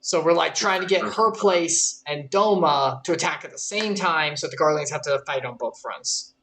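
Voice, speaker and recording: A woman's voice: deep voice, normal speed, a bit bright, a little hiss or hum. A woman co-hosting a game stream in casual chat, laughing easily and explaining the story at length. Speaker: co-host and player of a game stream.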